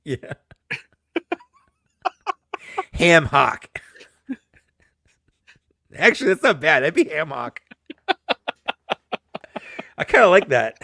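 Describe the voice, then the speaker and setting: A man's voice: a little high, sing-song, drawn-out words, creaky, pauses often, sharp tone, dry recording, clean studio sound. A man chatting as a guest, jokey and self-mocking, laughing often. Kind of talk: casual chat.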